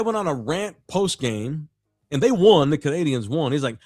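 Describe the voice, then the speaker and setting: Animated high-pitched man, profane storyteller. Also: normal speed, dry recording, clean studio sound. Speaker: sports radio co-host. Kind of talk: casual sports talk.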